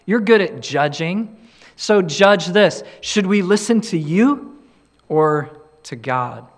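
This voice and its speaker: Middle-aged male preacher, earnest and conversational, slightly higher voice, tells stories in his sermon. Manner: conversational, earnest, acts out quoted dialogue. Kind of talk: sermon with storytelling.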